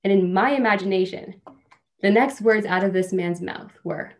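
A woman delivering a sermon in a church, speaking at an ordinary middle pitch. She tells stories in a relaxed, conversational way and pokes gentle fun at herself. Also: moderate pace. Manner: conversational, self-deprecating humor. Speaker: guest speaker at a church service. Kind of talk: sermon with storytelling.

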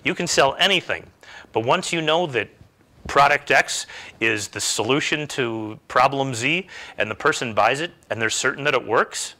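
A man's voice: mid-range voice, moderate pace, bright, forceful tone. A middle-aged man giving a motivational self-help talk, emphatic and full of rhetorical questions.

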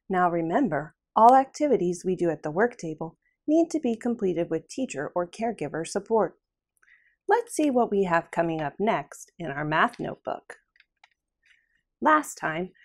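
A woman's voice: medium pitch, a little mellow. A woman teaching preschoolers at a work table, giving patient step-by-step instructions for a worksheet. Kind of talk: guided worksheet lesson.

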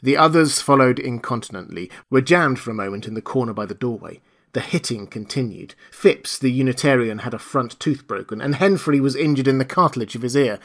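Expressive male audiobook narrator. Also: medium pitch, brisk. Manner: dramatic, expressive storytelling. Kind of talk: scripted narration.

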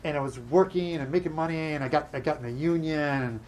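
A middle-aged man telling work stories in a casual chat, animated and acting out other people's lines. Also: a little high, slight background noise. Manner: animated, acts out dialogue in quick bursts. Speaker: guest.

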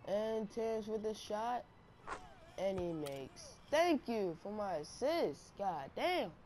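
Trash-talking woman gamer, slow drawl. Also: mid-range voice. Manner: trash-talking, excitable, slangy. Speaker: gaming channel host. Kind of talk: live gameplay commentary. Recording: noisy game audio behind.

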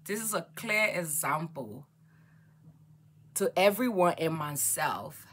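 Excited chatty woman doing a makeup vlog, kinda low voice but bright and sharp. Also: takes it slowly, slightly rough. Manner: excited, chatty, repeats herself. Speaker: beauty vlogger. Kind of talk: casual get-ready-with-me chat.

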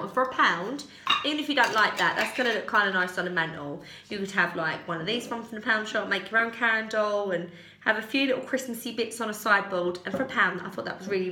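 A young British woman chats casually through a shopping haul at home, her medium-pitched voice bright and forceful. The haul vlogger rambles, corrects herself and giggles a little, all in an echoey room.

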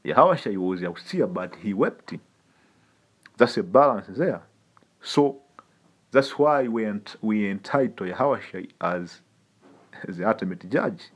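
A man gives a loose, streetwise sermon, his husky voice rising and falling with lively swings in pitch. He hammers points home by repeating them and keeps turning to the listener with a casual "man". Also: slow, long pauses. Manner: emphatic, repetitive, streetwise, addresses listeners as man. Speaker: preacher. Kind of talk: informal sermon teaching.

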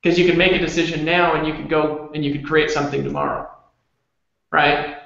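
A man leading an online team hangout, delivering a pushy motivational pitch with rapid-fire, repetitive calls to commit. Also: flat delivery, vocal fry, fairly bright tone. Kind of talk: motivational pitch on a video call. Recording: very echoey, dull lo-fi sound.

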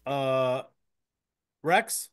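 A man's voice: medium pitch, expressive, extremely slow, a little hiss or hum. A man answering trivia over a video call, with hesitant, thinking-aloud replies. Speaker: trivia player. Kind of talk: casual chat. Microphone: video call mic.

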